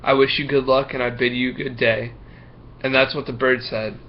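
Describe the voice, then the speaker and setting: A man's voice: mid-range voice, little pitch movement, normal speed, highs cut off, a little hiss or hum, natural voice. A man doing a stammering, nervous schoolboy. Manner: stammering, hesitant, fillers. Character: young schoolboy, nervous, full of excuses. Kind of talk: reading a picture book aloud.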